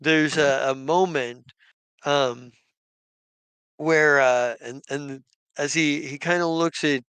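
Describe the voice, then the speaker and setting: A man's voice: on the high side, steady tone, slow, pauses often, fairly bright tone, smooth, no room sound. A man narrating as game master of a tabletop game, rambling with many restarts.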